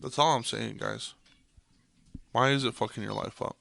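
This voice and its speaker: A man's voice: lowish voice, normal speed, vocal fry, fairly bright tone, a little hiss or hum. A young man hosting a podcast, delivering an intense monologue that swears freely and hammers points home by repeating them. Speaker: podcast host.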